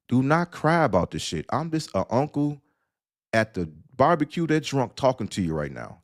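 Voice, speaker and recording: A man's voice: lowish voice, big pitch swings, normal speed. A man hosting an audio-only live stream, ranting sarcastically and lecturing the listener bluntly. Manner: blunt, addresses listener directly. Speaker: host. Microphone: audio-only stream mic.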